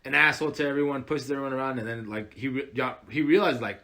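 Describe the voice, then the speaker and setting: A young man in casual podcast chat, enthusiastic and rambling. He strings thoughts together with fillers and restarts. His pitch sits in an ordinary middle range. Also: steady tone, fast talker, bright, forceful tone. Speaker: podcast co-host.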